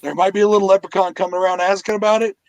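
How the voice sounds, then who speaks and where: A man's voice: sits high, level tone, very fast, a little mellow. A man hosting a live podcast, chatting casually and crudely with lots of swearing. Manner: crude, swears freely, laughs often. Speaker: podcast host.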